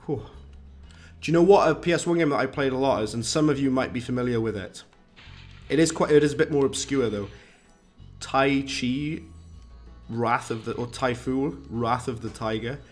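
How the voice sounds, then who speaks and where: A man's voice: mid-range voice, normal speed. A man giving casual, rambling commentary on a live game stream, chatting with viewers and reading out their messages. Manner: chatty, rambling, reads chat aloud, British slang. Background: game music.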